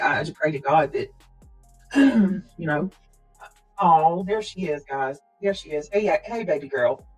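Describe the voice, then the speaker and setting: Speaking to her viewers on a relaxed livestream, this woman has a low-pitched, slightly mellow voice. She sounds earnest and prayerful but keeps coughing and clearing her throat, and the recording is rough.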